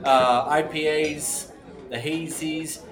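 A man co-hosting a podcast, joking loudly and swearing freely in casual chat. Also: on the high side, fairly even intonation, slow, crowd noise. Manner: loud, joking and profane. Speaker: podcast co-host.

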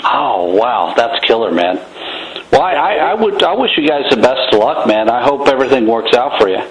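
A man's voice: medium pitch, expressive, normal speed, roomy sound, poor audio. A man hosting a radio interview, chatting casually with plenty of fillers. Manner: easygoing, rambling with fillers. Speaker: radio show host.

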